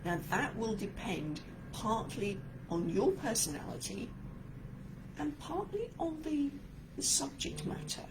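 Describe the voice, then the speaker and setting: Woman coach, animated and emphatic, a touch congested, faint noise behind. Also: on the high side, a little slow. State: a bit stuffy-nosed. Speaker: speaking coach. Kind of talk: talking-to-camera coaching talk.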